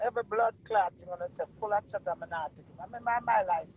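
A woman's voice: mid-range voice, fast talker, darkish tone, breathy edge, low-quality recording. A woman with a Jamaican accent delivering a heated, profane monologue full of repeated curses. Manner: heated, profane, repetitive cursing. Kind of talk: angry ranting monologue.

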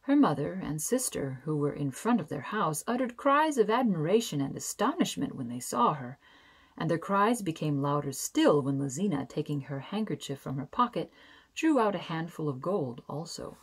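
A woman reading a fairy tale aloud as a bedtime story, gentle and expressive, slowing down for emphasis. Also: deep voice, husky.

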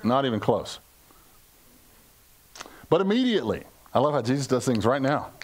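An older male pastor from the United States preaches to his congregation in a loose, conversational way. He jokes, asks the room questions and puts on playful voices for quoted lines, with his speaking pitch sitting in a middle range. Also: big pitch swings, moderate pace, darkish tone. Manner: conversational, joking, acts out quotes in funny voices. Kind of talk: sermon. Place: church service before a congregation.

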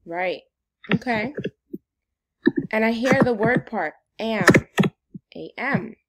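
A woman's voice: a little high, slow, a little hiss or hum. A woman teacher giving a phonics lesson to young children in an upbeat, sing-song way.

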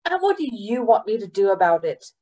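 A woman's voice: medium pitch, animated, normal speed, a little mellow, far from the mic, low-quality recording. A woman reading aloud voices a scornful adult woman prison guard who snaps dismissively at children. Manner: snapping, dismissive.

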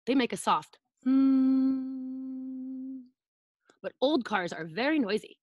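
A woman's voice: medium pitch, very animated, brisk, slightly rough, no room sound, muffled recording. A woman preschool teacher reading a picture book aloud to children over a video call, playfully acting out sound effects and asking them to join in.

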